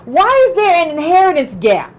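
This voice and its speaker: A woman's voice: very high voice, wildly swooping pitch, normal speed, rough recording. A middle-aged woman giving political commentary in an emphatic way, repeating herself and asking pointed questions.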